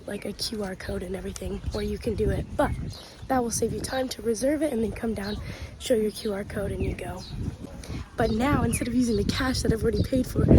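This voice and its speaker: A young woman chatting to the camera as she vlogs a hike, sometimes out of breath on the climb. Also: a little high. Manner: chatty, talks straight to the camera. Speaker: travel vlogger. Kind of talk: casual vlog narration while hiking. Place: outdoors on a windy mountain trail. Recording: loud wind noise on the phone mic.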